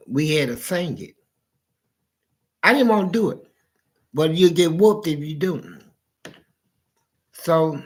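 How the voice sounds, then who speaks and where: A man's voice: a little high, vocal fry. A man in casual conversation, animatedly telling stories from his life and acting out his family's voices. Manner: animated storyteller who acts out family voices. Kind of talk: casual storytelling chat.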